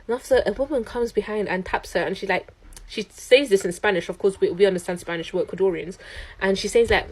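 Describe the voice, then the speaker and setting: A young woman, telling a storytime to camera in an animated, indignant way. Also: mid-range voice, fast talker. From London, UK. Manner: animated, indignant, quotes people in voices.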